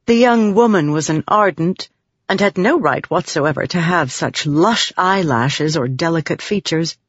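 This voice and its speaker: A narrator reading fantasy fiction in a steady, measured way. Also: medium pitch, no room sound. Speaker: audiobook narrator. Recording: dull dry studio audiobook.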